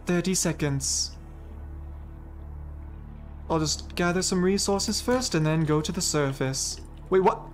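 A man's voice: on the high side, slow pace, pauses often. A young man streams a game live, chatting loosely and rambling between thoughts. He shrieks and laughs whenever something startles him. Faint game music plays under his voice. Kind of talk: live gameplay commentary.

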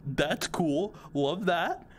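A young man with a fairly high, lively voice talks very slowly as he plays a horror game, nervous and jumpy, swearing and pleading with what appears on screen.

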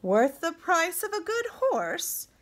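A shrewd, indifferent king speaks in a flat, toneless way, probing his captive slowly, as a woman reads him aloud. Storybook reading, the voice pitched a little higher than the narration. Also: heavily acted. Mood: cool. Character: shrewd, indifferent middle-aged male king.

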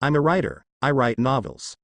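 A man's voice: medium pitch, expressive, normal speed, a bit bright, dry recording. A man reading the lines of a boastful, jovial old hermit sage in a fan fiction, with a grandiose manner.

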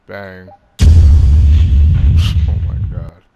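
Male gaming creator, low voice, loose excitable play-by-play with swearing. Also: very slow, muffled recording, over loud music. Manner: excitable, swears, laughs at himself. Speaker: gaming YouTuber. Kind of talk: casual gameplay commentary.

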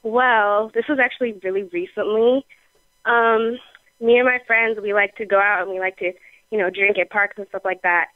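A woman's voice: medium pitch, steady tone, normal speed, no room sound. An eighteen-year-old woman from Sacramento calling in, giggly and hesitant. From Sacramento, California. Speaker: caller. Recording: tinny phone line.

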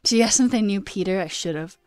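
A woman streaming as a coding host, chatting casually and rambling with self-deprecating asides while her pitch jumps up mid-sentence. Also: fast, a little mellow, smooth, dry recording, clean studio sound, soft background music. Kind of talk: casual live-stream chat.

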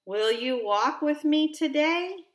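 A friendly little lion cub from a storybook, lonely and eager for playmates, as a woman reading aloud puts him on. He asks his questions slowly and hopefully in a voice pitched a bit high. A roomy echo surrounds the voice. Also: animated.

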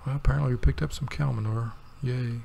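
Gravelly man rambling over gameplay. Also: mid-range voice, steady tone, quick pace, dark tone, slight background noise. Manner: meandering, wry, thinks aloud with many fillers. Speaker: let's play host.

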